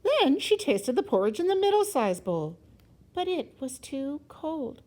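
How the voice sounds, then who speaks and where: Slow, sing-song teacher reading aloud. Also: female voice, high voice, poor audio. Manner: expressive, sing-song storytelling with dropped whispers. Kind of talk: children's read-aloud.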